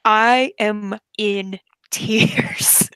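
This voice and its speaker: A woman's voice: medium pitch, steady tone, extremely slow, a bit bright, clear, resonant tone, no room sound. A woman hosting a casual livestream chat, telling a story animatedly and laughing as she goes.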